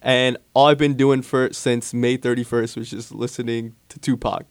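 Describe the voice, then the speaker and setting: A young man chatting casually as a student podcast co-host, animated and quick to slip into playful impressions. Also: mid-range voice, smooth, no echo. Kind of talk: casual chat.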